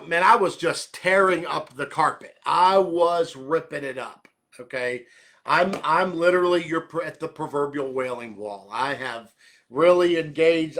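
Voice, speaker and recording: A man preaches in a casual, conversational way, circling back to rephrase each question and checking in with a quick "okay?" His voice sits a little high and sounds bright and forceful. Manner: repeats and rephrases questions, direct address with "okay?". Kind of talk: conversational sermon.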